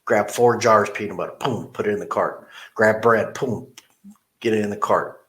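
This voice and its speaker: Middle-aged man, slightly low voice, dealership manager, animated storyteller in an interview. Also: normal speed. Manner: animated storyteller who acts out quotes.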